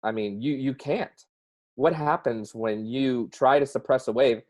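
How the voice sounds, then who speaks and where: A man's voice: medium pitch, a little slow, darkish tone. A man with a Southern US accent, a guest speaking earnestly and expressively about personal experience, heard over a video call. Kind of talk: emotional personal interview.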